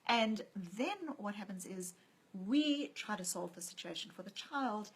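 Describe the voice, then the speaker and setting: The speaker is a woman author being interviewed conversationally, recounting stories and performing the voices she quotes. Her voice is mid-range and husky with lively intonation, and she keeps a measured pace on a low-quality recording.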